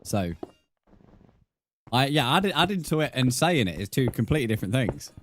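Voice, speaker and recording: A man's voice: medium pitch, sing-song, moderate pace, fairly bright tone, slight background noise. A young British man chatting casually with viewers on a live gaming stream, bantering and calling people mate. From Britain. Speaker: livestream gamer.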